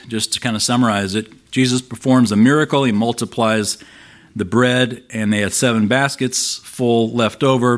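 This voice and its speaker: A man's voice: medium pitch, fairly bright tone. Man preaching a conversational sermon. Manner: conversational, explanatory, reads scripture aloud with emphasis. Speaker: pastor.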